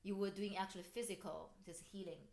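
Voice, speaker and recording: A woman's voice: mid-range voice, fairly even intonation, fairly quick, vocal fry, a little mellow. A woman hosting a podcast, explaining her ideas earnestly in casual conversation and often checking in with "right?". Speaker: podcast host. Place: room. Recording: roomy echo.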